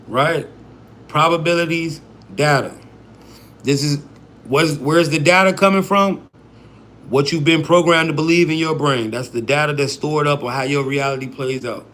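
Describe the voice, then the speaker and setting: A man's voice: fairly high pitch, fairly bright tone, slight background noise. A man giving a casual, profane livestream talk on a mindset program, often checking in with "right?" and "bro".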